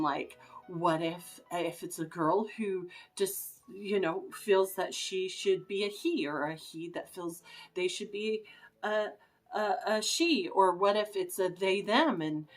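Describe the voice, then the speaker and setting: A middle-aged woman vlogging in a casual, rambling way, anxious and emotional, full of fillers and restarts. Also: medium pitch. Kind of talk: casual rambling vlog chat.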